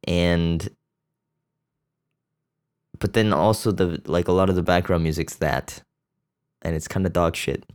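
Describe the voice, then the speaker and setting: A man's voice: deep voice, steady tone, a little slow, pauses often, darkish tone, clear, resonant tone. A man hosting a podcast, rambling bluntly and crudely about a movie, with lots of fillers and restarts. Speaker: podcast host. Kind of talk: casual profane movie chat.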